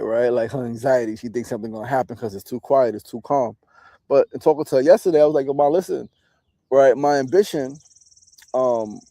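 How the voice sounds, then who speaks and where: A man in his forties with a gravelly, creaky edge to his voice. His tone is deep and mellow, and he talks in a candid, reflective way, swearing freely and checking in with "right?" as he goes. The sound is close and dry. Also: dry recording. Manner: candid, profane, often tags lines with "right?". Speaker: podcast host and meditation teacher. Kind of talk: reflective casual monologue.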